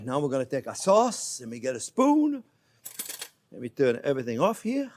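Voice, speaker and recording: Effusive chef, lively pitch. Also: male voice, a little fast. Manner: effusive, croons "oh yeah, baby" to the food; often drops to soft murmurs over the dish. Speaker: cooking show host. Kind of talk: casual cooking demonstration.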